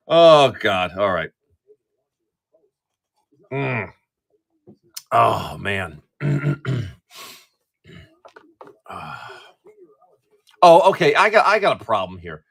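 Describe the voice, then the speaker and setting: A middle-aged man hosts a casual live stream, talking in a bright, forward voice. His pitch swings widely as he rambles, restarts and swears freely. The talk is loose and chatty. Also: sing-song, slow, vocal fry, pauses often. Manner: chatty, profane, laughs easily. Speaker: live-stream card breaker.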